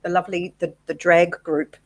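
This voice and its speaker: A woman's voice: lowish voice, little pitch movement, moderate pace. A woman co-hosts a casual chat and teases the others in a playful way. Her voice has a light husk to it. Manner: playful, teasing.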